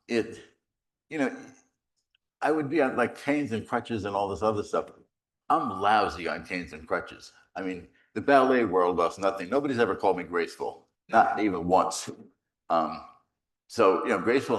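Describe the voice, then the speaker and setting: A middle-aged man, a priest, giving a rambling, animated retreat talk full of stories and self-deprecating humor. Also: sits low. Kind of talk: conversational retreat conference, storytelling.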